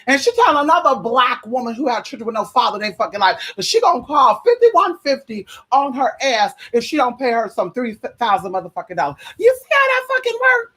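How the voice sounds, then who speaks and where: A woman's voice: sits high, a bit bright, breathy edge. A woman ranting to her viewers in a heated, profane, sassy way, repeating rhetorical questions. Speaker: vlogger.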